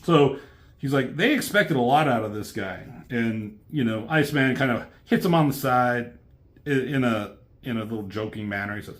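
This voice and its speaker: A man talks through a comic book in a loose, rambling way, dropping fillers and the odd swear. His voice sits at an ordinary middle pitch. It is a relaxed, unscripted review. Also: normal speed.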